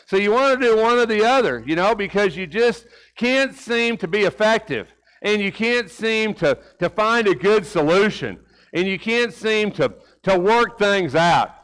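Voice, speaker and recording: In a church sanctuary, a middle-aged man preaches a folksy, conversational sermon full of rhetorical questions and a personal story, repeating words as he talks. His voice is high, animated, clean and fairly bright, a little slow, though the audio is poor.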